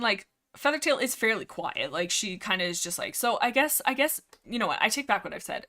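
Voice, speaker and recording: A woman's voice: mid-range voice, pushed and bright. A young woman hosting a livestream, chatting casually about a book series in a rambling way, full of fillers, restarts and side comments. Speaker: livestream host.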